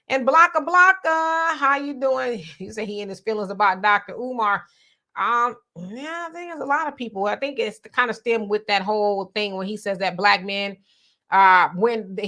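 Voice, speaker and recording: A woman's voice: on the high side, sharp tone. A woman hosting a livestream, reading viewer comments aloud and greeting chatters by name in a conversational way. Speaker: livestream host. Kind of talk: live chat discussion, reading viewer comments.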